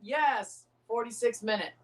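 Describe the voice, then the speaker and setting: A man's voice: very high voice, a little slow, fairly bright tone, recorded from a distance. A man hosting a casual live watchalong, chatting with viewers and often repeating phrases. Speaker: livestream host reacting to a match.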